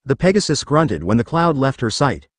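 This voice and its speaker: A man narrating a fan story, his voice swinging lively up and down as he reads. His pitch sits in an ordinary middle range. The recording is dry and close, with no room sound. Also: moderate pace, no room sound. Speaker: story reader.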